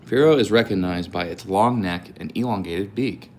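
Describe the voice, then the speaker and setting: A young man hosting a live stream, chatting casually and rambling as he thinks out loud and answers chat. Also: low-pitched, normal speed. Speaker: live-stream host painting cards.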